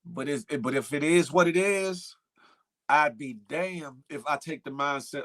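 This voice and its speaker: A man hosting a casual morning show, emphatic and animated, calling out viewers by name. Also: on the high side, normal speed. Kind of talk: casual livestream commentary.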